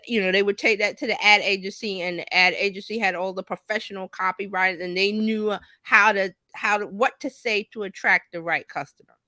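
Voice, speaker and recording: A middle-aged woman co-hosting a casual business chat, animated and jumping high in pitch when she quotes herself. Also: no echo, studio quality. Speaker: co-host, business coach. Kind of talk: casual live-stream chat.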